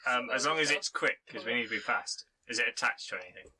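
A man playing a tabletop game, talking briskly and joking with the table. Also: medium pitch, pushed and bright, slightly rough, low-quality recording. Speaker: player. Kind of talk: casual table chat.

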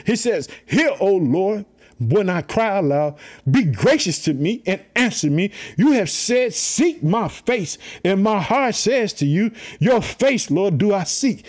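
Fervent preacher, husky and lively. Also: male voice, high-pitched. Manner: fervent, repetitive preaching with call-and-response. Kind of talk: sermon.

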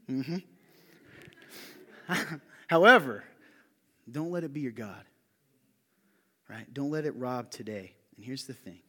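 Male pastor, mid-pitch, animated sermon delivery with personal anecdotes, long hall reverb. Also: slow, long pauses. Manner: animated storytelling, shouting when quoting a friend.

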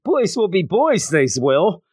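A man's voice: high voice, sing-song, slow, a little mellow, slightly rough, dry recording, clean studio sound, pitched above the performer's own voice, heavily acted. A man voicing a smug, manipulative male telepath who brushes things off. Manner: smug, dismissive.

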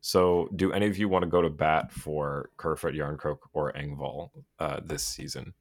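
A man hosting a casual hockey podcast, telling game stories and acting out players' reactions. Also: normal speed. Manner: animated storyteller, acts out players' reactions in high voices. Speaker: podcast host.

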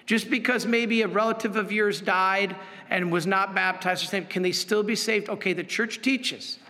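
A man's voice: sits high, steady tone, normal speed, sharp tone, long reverb tail. A man preaching as a priest in an earnest, emphatic sermon, pleading and repeating his point.

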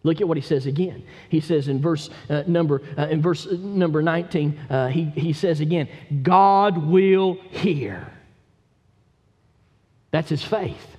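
A man preaching a sermon from a church pulpit, building from steady teaching into impassioned, emphatic calls to his listeners. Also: fairly high pitch, a little fast, hardly any pauses. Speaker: pastor. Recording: long hall reverb.

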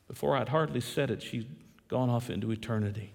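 Impassioned preacher in an echoey church. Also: male voice, steady tone, a little fast, gravelly. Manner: impassioned, dramatic storytelling with big swings in pitch and loudness. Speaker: pastor. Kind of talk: sermon.

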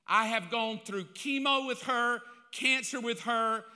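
Older man, pastor, high voice, very bright and forceful, confessional storytelling sermon, long hall echo. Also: fairly even intonation, a little slow. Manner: confessional, self-mocking, swings between loud and hushed.

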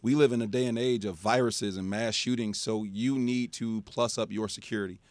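A man co-hosting a sports talk show, hoarse and emphatic in giving his opinion. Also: lowish voice, steady tone, normal speed, darkish tone, no echo. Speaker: co-host. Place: studio.

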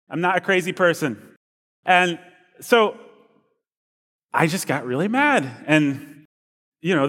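A man preaching as a pastor, telling a funny personal story in a relaxed, self-deprecating way. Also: a little high. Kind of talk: sermon with a humorous personal story. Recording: long reverb of a large room.

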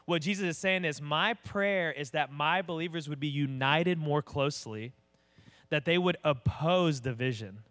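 A male pastor with a drawl delivers a sermon. He talks plainly and conversationally, often turning to his listeners with direct questions. His voice sits a little above the usual male pitch. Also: a bit bright.

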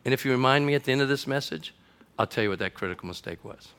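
A middle-aged man, a pastor, preaching to a congregation and telling a comic story that builds to shouts at its climax. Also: medium pitch, expressive, very fast, smooth. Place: church auditorium before a congregation.

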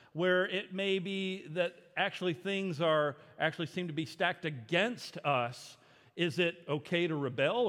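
A man's voice: sits high, fairly bright tone. Man preaching in a big echoing hall. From Arkansas, US. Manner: conversational, self-deprecating storyteller with frequent fillers. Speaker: pastor. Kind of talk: sermon with a personal story. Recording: long reverb of a big hall.

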